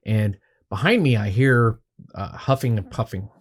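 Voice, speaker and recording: A man's voice: lowish voice, normal speed, husky. A man, a photographer, casually telling a rambling, swearing anecdote on a podcast. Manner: rambling, profane, laid-back anecdotes. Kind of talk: casual storytelling.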